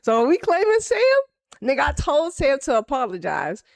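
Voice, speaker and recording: A woman talks football in loose, unscripted banter with a high voice that leaps all over the place. Her delivery is animated and profane, full of quick asides, and the sound is dry and close with no room around it. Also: vocal fry, no room sound. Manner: animated, profane, rapid banter with acted quotes. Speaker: football commentator. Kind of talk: casual reaction commentary.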